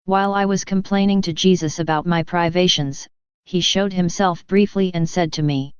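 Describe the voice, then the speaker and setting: A woman giving a steady, reverent scripted reading of devotional writings in an even, measured way. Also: on the low side, smooth, no echo, muffled recording.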